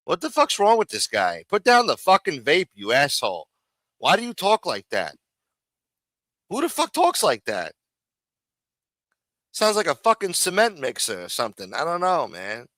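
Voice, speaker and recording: A man's voice: fairly high pitch, wildly swooping pitch, moderate pace, long pauses, a bit bright, no room sound. A man hosting a live chat show, talking casually and swearing in exasperation. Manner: exasperated, cursing. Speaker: host.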